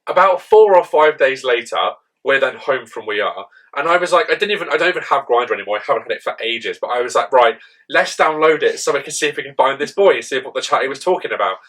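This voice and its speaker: Young male podcast co-host, bright tense tone, chatty rambling storyteller. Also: medium pitch, fast, low-quality recording. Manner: rambling, heavy use of "like", animated retelling. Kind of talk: casual storytelling chat.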